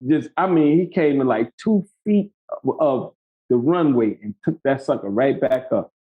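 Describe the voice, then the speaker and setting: A middle-aged man tells a story in a casual interview. He is animated and slangy and laughs often, and his pitch leaps and dips with a lively range. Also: normal speed, husky, phone-quality sound. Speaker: podcast guest, actor.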